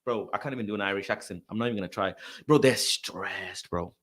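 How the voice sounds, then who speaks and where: A young man, a host telling a story in casual, slang-heavy talk that swings between loud exasperation and low grumbling. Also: racing.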